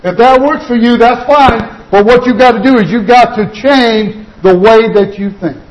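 A man with a notably high-pitched voice delivers an earnest sermon. He presses his points through repetition and sinks slower and softer when he wants them to land. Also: poor audio. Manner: earnest exhortation with repeated "you've got to" phrases; slows and drops quieter on key points. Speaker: preacher.

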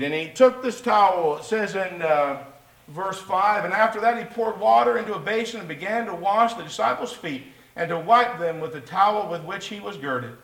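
High-pitched man preaching in an echoey room. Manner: emphatic, rises high to voice Peter, drops low and soft for Jesus; asks the congregation rhetorical questions. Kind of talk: sermon.

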